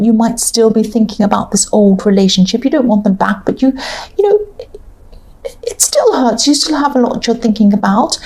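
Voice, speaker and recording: Woman, tarot reader, fairly high voice, warm and mellow tone, casual, meandering, lots of ums. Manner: rambling, hesitant with many fillers, thinking aloud. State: has the hiccups. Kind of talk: casual tarot reading to camera.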